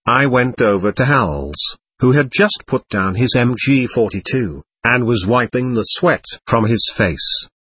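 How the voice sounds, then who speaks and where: A man narrating an audiobook in the first person, with a husky, slightly rough voice. His delivery is expressive and wide-ranging in pitch. The recording is dry and close, with no room sound. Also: measured pace, dry recording.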